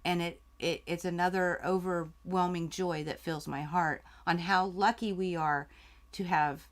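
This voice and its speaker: A woman's voice: lowish voice, steady tone, unhurried. A woman hosting a live quilting Q&A stream, talking heartfelt and grateful while reading out viewer comments, close to tears. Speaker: quilting channel host.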